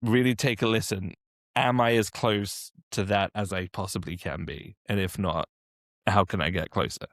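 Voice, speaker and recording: Low-voiced man coaching accents. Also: steady tone, moderate pace, a bit bright, no room sound, studio quality. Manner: practical, encouraging, explains step by step. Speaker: dialect coach. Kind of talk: podcast interview answers.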